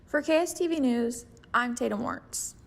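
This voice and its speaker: A woman's voice: on the high side, moderate pace, creaky. Chatty young woman field reporter. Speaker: student news reporter.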